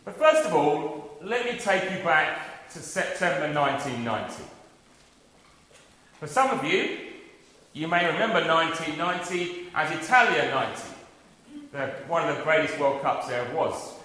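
A man preaches in a church, his voice rising and falling as he tells a story at his own expense. The sound is very echoey, with a long ringing reverb from the large room. His voice sits a touch high for a man. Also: normal speed. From South London, England. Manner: animated, self-deprecating storyteller. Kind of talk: sermon with personal storytelling.

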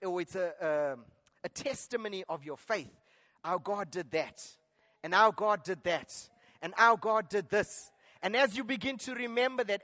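A man's voice: sits high, fairly bright tone. A man preaching a sermon, earnest and exhorting, now and then restarting a phrase. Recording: long hall reverb.

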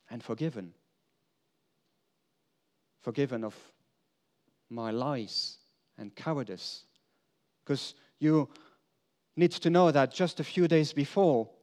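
An earnest man delivers a sermon as a first-person dramatic monologue, speaking as an apostle. His pace is slow and unhurried, and he lets emphatic declarations fall away into quiet, confessional moments. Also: fairly high pitch. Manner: earnest storytelling, swinging between emphatic lines and hushed confession.

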